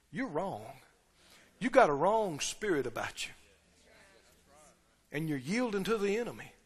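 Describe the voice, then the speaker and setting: Pastor, high lively voice, storytelling sermon, long reverb. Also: male voice. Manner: storytelling, acts out quoted characters, shifts between loud and hushed.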